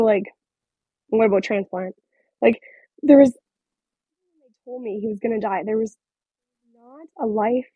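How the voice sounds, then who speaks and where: A woman in her thirties, a guest telling a personal story in an interview, speaking haltingly with many fillers. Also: medium pitch, husky, dry recording. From Northern Ontario, Canada. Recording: slightly muffled recording.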